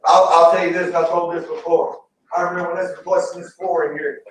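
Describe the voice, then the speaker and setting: A Southern man in his thirties preaching a folksy, story-filled sermon with shouted bursts, heard from a distance in a church sanctuary. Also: high voice, little pitch movement, fast, heavy reverb, slight background noise. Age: 30s. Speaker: pastor. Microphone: distant from the mic.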